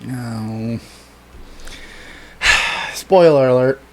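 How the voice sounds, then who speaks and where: Animated man telling a story casually. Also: mid-range voice, very slow. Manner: animated storytelling, swearing, laughing, voices excited reactions. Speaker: podcast co-host. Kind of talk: casual chat.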